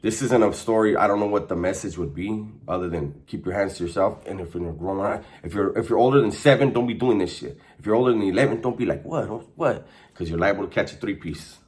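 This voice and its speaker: A man's voice: fairly low pitch, fast talker, hardly any pauses, a little mellow. A man telling a prison story in a casual, slangy monologue, laughing now and then. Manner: laid-back, slangy, laughs while telling. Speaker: storyteller recounting prison life.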